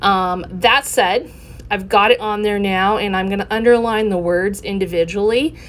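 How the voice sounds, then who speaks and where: A woman hosting her own scrapbooking channel, talking through her layout in a relaxed, explanatory way with frequent ums. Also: medium pitch, moderate pace. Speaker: scrapbooking video host. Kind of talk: casual craft tutorial narration.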